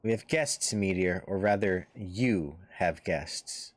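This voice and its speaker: A man reading as Minfilia, formal and low. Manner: formal, measured storybook delivery. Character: composed woman leader of a heroes' order. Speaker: streamer reading game dialogue aloud. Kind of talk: dramatic read-aloud of game dialogue.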